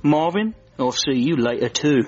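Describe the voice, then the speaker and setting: A man's voice: a little high, animated, moderate pace, darkish tone, breathy edge, soft background music. A man voicing a cocky, wisecracking talking frog in a puppet comedy skit. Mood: scheming. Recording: dull lo-fi recording.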